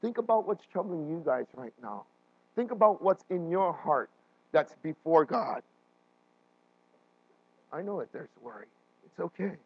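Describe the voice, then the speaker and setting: Animated man preaching a sermon. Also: high voice, no room sound, highs cut off. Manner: animated, often checks in with listeners with "right?"; frequent restarts and fillers. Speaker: pastor.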